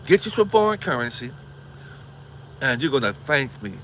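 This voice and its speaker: A man's voice: medium pitch, big pitch swings, normal speed, fairly bright tone, a little hiss or hum. A man from Gary, Indiana, hosting a livestream, preaching with repeated rhetorical questions and swearing. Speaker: livestream host. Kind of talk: impassioned livestream monologue.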